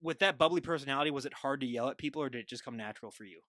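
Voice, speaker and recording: Fast-talking, bright-voiced male podcast host. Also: mid-range voice, dry recording, studio quality. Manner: teasing, quick questioning. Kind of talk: interview questions.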